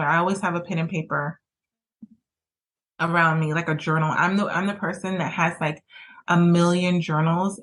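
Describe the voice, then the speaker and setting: Candid, rambling woman podcast host. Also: low-quality recording. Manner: candid, rambling, with many fillers; jumps high into acted quotes. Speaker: podcast host and relationship coach. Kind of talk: casual personal storytelling.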